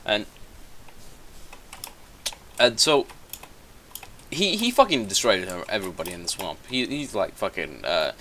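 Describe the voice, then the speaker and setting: Young guy, kinda low voice, swearing nonstop while recapping a story over gameplay, keeps correcting himself, light keyboard clicking in back. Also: big pitch swings, measured pace, pauses often, bright, forceful tone, a little hiss or hum. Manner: profane, rambling, self-correcting. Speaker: gaming commentator. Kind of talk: rambling comedic plot retelling while gaming.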